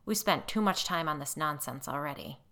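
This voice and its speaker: A woman's voice: low voice, lively intonation, normal speed, sharp tone, full character voice. A woman voicing a scowling, defensive older man in a story reading. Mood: angry.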